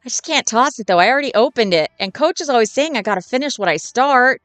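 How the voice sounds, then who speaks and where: A woman's voice: a little high, animated, quick pace, a bit bright, dry recording, soft background music. A woman voicing a dim, sweet jock monster boy who talks in an earnest, rambling, bro-ish way, in a dry recording. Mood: goofy.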